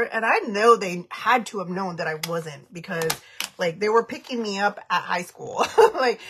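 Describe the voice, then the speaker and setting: A woman's voice: medium pitch, normal speed, fairly bright tone, a little hiss or hum. A woman in her thirties chatting casually on a makeup livestream, giggling often and reading viewer comments aloud. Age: 30s.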